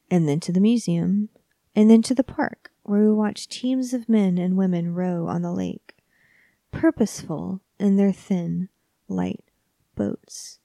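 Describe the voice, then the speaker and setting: A woman narrating a horror story in a soft, hushed, often whispery voice, measured and calm. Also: medium pitch, vocal fry, no room sound.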